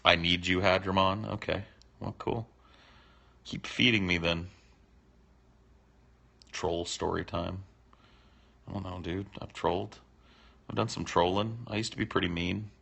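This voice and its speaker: A man's voice: sits low, fairly even intonation, unhurried, vocal fry, long pauses, bright, forceful tone. A man hosting a livestream, answering chat questions in a rambling, teasing, profane way. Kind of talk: casual unscripted chat.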